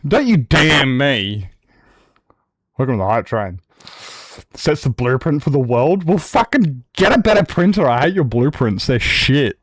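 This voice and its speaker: Australian male streamer mid-rant, heated and foul-mouthed, dry close sound, voice of middling pitch. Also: expressive, no room sound. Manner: sweary, heated ranting, fast tangents. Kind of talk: live-stream rant while gaming.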